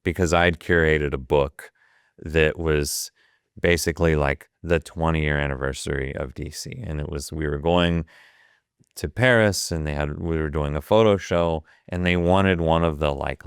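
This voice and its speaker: A man in his fifties from Ohio, telling a wild story as a podcast guest. His low voice is smooth and resonant, and he swears freely while acting out each line of dialogue. The recording is close and dry. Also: no room sound. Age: 50s. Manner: profane, vivid retelling that acts out the quoted dialogue. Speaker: guest, photographer. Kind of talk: casual storytelling.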